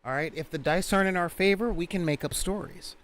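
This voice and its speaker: Male host with a lightly raised voice, casual and animated; he tells anecdotes and jumps into voices. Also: high-pitched. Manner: animated storyteller who slips into quick character voices. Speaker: tabletop gaming channel host. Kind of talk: casual chat.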